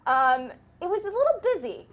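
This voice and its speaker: A woman's voice: very high voice, big pitch swings, normal speed. A woman co-hosting a casual panel chat, chatty and enthusiastic. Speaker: co-host.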